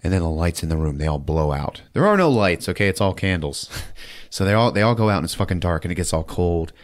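A man's voice: deep voice, fast talker. A man hosting a podcast who recaps a movie in a profane, laughing, comic way. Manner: profane, laughing, animated storyteller. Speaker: podcast host.

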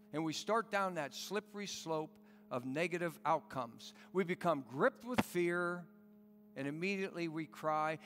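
A man's voice: sits high, fairly bright tone, big-room sound. A man pastor preaching a sermon in an earnest, pleading way with rhetorical questions.

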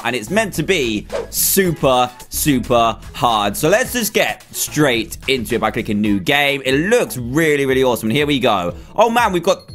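Young male gaming host, fairly high and very lively voice, faint game music under him. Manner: animated, exclaims and groans at near-misses. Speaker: gaming YouTuber. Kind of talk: excited gameplay commentary.

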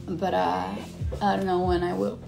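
A woman's voice: fairly low pitch, little pitch movement, moderate pace, creaky, music in the background. A young woman live-streaming, casually chatting and swearing as she answers viewer questions, switching between Spanish and English.

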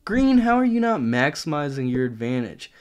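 A man's voice: a little high, very animated, moderate pace, clear, resonant tone. A man commentating on his own gameplay, exasperated and swearing casually as he talks straight to the opponents on screen. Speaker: gaming channel host.

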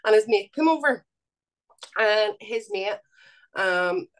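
A woman's voice: medium pitch, animated. A woman with a Belfast accent, speaking earnestly as an interview guest and often stopping to restart her sentences. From Northern Ireland. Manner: earnest, halting with fillers and restarts. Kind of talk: interview conversation.

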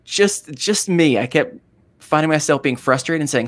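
A man's voice: fairly high pitch, animated, quick pace, no echo. A man chatting casually as a podcast guest, rambling and restarting his sentences often. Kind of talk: casual chat.

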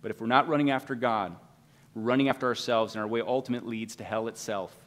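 A man's voice: mid-range voice, fairly even intonation, quick pace. Impassioned male preacher in reverberant hall. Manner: impassioned preaching, swings from loud urging to hushed. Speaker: pastor. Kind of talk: sermon. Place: church sanctuary.

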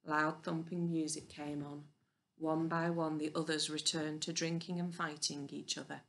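A woman reading a children's novel aloud in a clear, even storybook narration. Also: low-pitched, moderate pace. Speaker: audiobook reader.

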